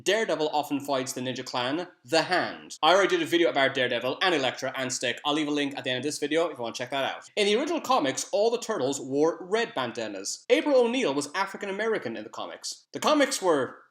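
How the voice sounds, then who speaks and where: A man hosting a facts video, reading off a brisk trivia list with wry asides. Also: a little high, very animated, a bit bright. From Europe. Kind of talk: rapid-fire list of trivia. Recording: roomy echo.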